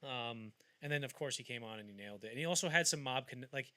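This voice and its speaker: A man's voice: medium pitch, fast talker, dry recording. A man hosting a podcast, telling film-history stories in casual chat and acting out the quotes as he goes. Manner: animated storyteller acting out quotes. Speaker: podcast host.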